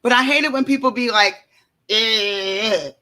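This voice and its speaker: A woman hosts a casual reaction show from home, talking fast in a high-sitting voice, animated and chatty, with lots of asides to her viewers.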